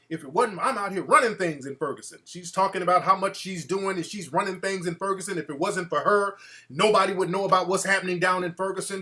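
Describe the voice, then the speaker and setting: A man hosting a talk show, ranting in an animated, mocking way and putting on voices to quote people. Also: high voice. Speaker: show host. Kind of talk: casual talk-show rant.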